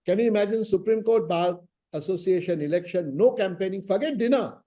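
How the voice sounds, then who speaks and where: High mellow Indian man telling stories. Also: a little fast. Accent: Indian English. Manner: lively raconteur acting out quoted dialogue. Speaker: senior lawyer recalling a mentor. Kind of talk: anecdotal storytelling in an interview.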